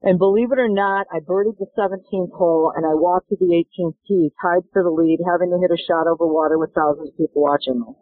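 Animated storytelling woman on a tinny line. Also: lowish voice, fast talker, hardly any pauses. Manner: animated, acts out dialogue in stories. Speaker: golf instructor guest. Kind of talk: interview storytelling. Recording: dry tinny phone-like line.

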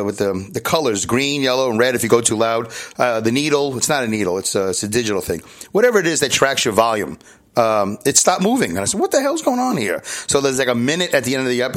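A man with a Brooklyn accent hosting his podcast from a hotel room, rambling and self-deprecating, with lots of restarts and asides. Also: mid-range voice. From New York. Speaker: podcast host. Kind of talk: casual solo podcast monologue.

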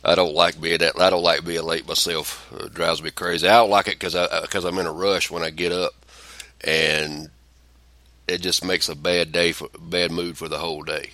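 A middle-aged man with a drawl chats casually on a podcast, his low voice carrying a bright, forceful edge. He is blunt and profane and rambles from story to story. The sound is close and dry. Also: level tone, moderate pace, dry recording. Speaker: podcast co-host. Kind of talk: casual chat.

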